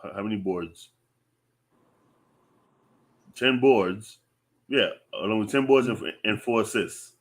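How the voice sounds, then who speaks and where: A man with a fairly low voice co-hosting a casual sports show. He talks in a laid-back way, fills pauses with ums, and drops in agreeing mm-hmms while the other host speaks. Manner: laid-back, thinks aloud with ums, lots of mm-hmm. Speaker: podcast co-host.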